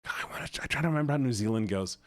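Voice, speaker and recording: Lively, playful man streaming from home. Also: mid-range voice, rapid-fire, no room sound, studio quality. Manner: rambling, swearing, playful. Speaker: live streamer. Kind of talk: casual stream chat.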